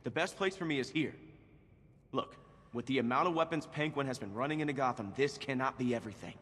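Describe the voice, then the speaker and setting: A man's voice: medium pitch, fast talker, fairly bright tone, long reverb tail, close to an everyday voice. An actor playing an earnest young male vigilante in a video game, speaking urgently and insistently.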